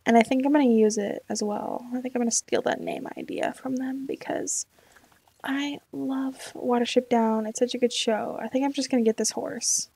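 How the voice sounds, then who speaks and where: Young woman, gaming chat, indecisive, mellow gravelly voice, slightly high. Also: steady tone, moderate pace, no room sound. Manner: rambling, indecisive, talks to herself. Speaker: gaming YouTuber. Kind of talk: casual let's-play chat.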